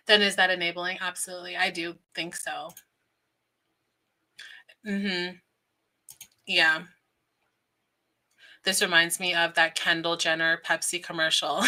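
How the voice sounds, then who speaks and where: A woman's voice: fairly low pitch, unhurried, pauses often, sharp tone. A woman hosting a casual livestream, chatting, laughing often and reading viewer comments aloud. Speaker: livestream host.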